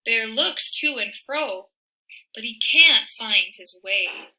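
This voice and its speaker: A woman reading a children's picture book aloud in an expressive, sing-song way, with soft asides to the listener. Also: fairly high pitch, slow pace, rough recording. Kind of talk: read-aloud storytelling for children.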